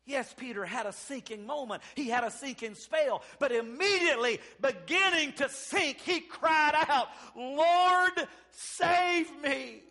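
A male pastor delivers a church sermon in a strikingly high, bright, forceful voice. He peppers his preaching with amens and moves between hushed lines and loud, ringing ones. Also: moderate pace, few pauses. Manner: preaching with call-and-response amens, swinging from soft to loud.

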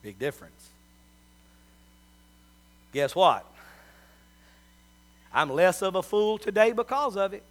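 A man's voice: sits high, sing-song, slow, long pauses. A middle-aged man, preaching a sermon as a pastor and telling folksy stories.

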